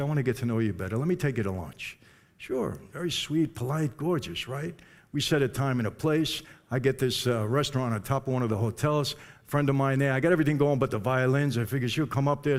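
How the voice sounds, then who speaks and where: An older man telling a personal testimony to an audience, in a conversational way with direct asides to the listeners. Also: mid-range voice. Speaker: speaker giving a personal testimony. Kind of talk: storytelling to a live audience.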